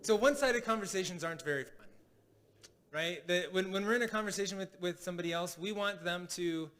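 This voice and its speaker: Male pastor, casual teaching sermon, slightly higher voice, frequent restarts and "right?". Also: a little fast, a bit bright. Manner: conversational, many restarts and "right?" checks. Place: congregation hall.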